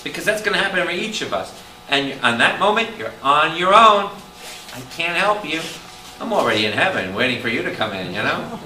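A man, a priest, preaching a Bible study to a congregation, animated and calling out questions to the room. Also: a little high, brisk. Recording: roomy hall taped from a distance with noise.

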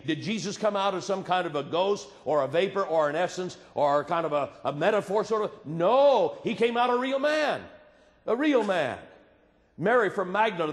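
Man, sermon, dramatic loud-to-hushed storytelling, raised pitch, reverberant hall. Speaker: preacher.

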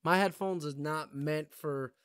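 A man's voice: a little high, a little slow, a bit bright, dry recording, clean studio sound. A man giving casual, rambling commentary while reacting to music, swearing often and yawning now and then. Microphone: gaming headphones setup.

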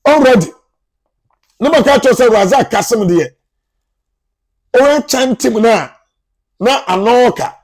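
A man with a Ghanaian accent hosting his own sports news channel. He gives football transfer updates in a chatty, animated way and talks to his viewers as if they were family. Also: very high-pitched, unhurried, pauses often. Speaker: sports journalist, YouTube channel host.

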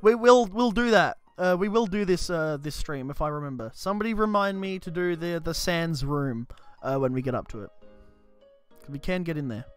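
A man's voice: fairly high pitch, normal speed, clear, resonant tone, faint music behind. A man on a headset mic chatting in rambling asides while streaming a video game. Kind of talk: let's play commentary.

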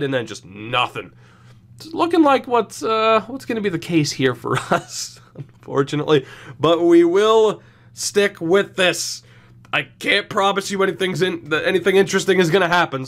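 A man's voice: medium pitch, a bit bright. Young guy rambling thru his hockey game season, dry jokes, little laughs mid sentence. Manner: rambling, wry, chuckles through words. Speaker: gaming YouTuber. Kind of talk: casual franchise-mode commentary.

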